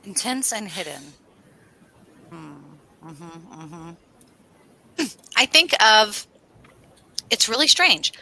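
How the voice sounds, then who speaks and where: A woman co-hosting an astrology livestream, telling rambling stories in a casual, animated way and swearing now and then. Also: mid-range voice, very slow, long pauses, a little hiss or hum, rough recording. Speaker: astrology show co-host.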